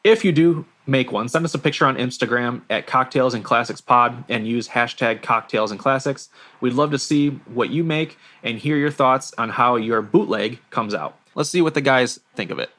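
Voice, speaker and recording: A man co-hosting a podcast, presenting a cocktail recipe in a relaxed way. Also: medium pitch, moderate pace. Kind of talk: casual podcast chat.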